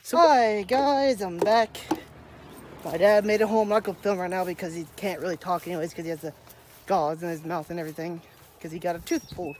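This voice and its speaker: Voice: medium pitch, brisk, slight background noise. A young adult daily vlogger, out of breath, rambling through a casual movie review outdoors while walking a dog, chuckling often and groping for names.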